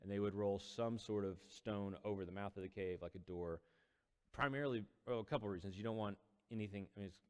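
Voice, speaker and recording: A man's voice: deep voice, darkish tone, clean tone, long reverb tail. A man casually retelling a Bible story as a teacher, conversational with quoted dialogue. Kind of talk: casual Bible study talk.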